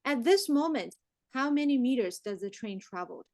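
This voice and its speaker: A woman teaching an online math class, lively and checking on her students with frequent questions. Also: high-pitched, moderate pace, no room sound. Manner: lively, mixes English and Chinese, asks the class questions.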